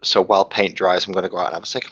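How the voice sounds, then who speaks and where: Mancunian man, very deep, dry and laid-back, on muffled call audio. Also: fairly even intonation, very fast, a bit bright, breathy edge, no echo. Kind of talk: casual chat.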